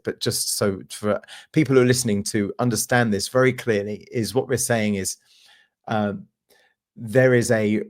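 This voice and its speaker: A man hosting an interview, asking thoughtful, halting questions. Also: fairly low pitch. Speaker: interview host.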